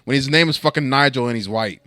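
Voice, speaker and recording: A man's voice: medium pitch, fast talker, sharp tone, no echo. A man co-hosting a podcast in casual banter, stammering and repeating words as he runs a mock-serious bit. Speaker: podcast co-host.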